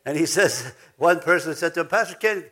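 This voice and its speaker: A man's voice: a little high, brisk, a bit bright. A man preaching a sermon as pastor, emphatic, repeating words for stress and now and then chuckling.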